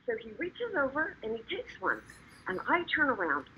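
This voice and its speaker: A woman's voice: high voice, huge pitch swings, moderate pace, a little hiss or hum. A woman taking part in a webinar, talking casually and a little hesitantly. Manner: hesitant, self-conscious. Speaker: webinar participant. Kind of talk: casual storytelling. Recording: tinny phone-like call audio.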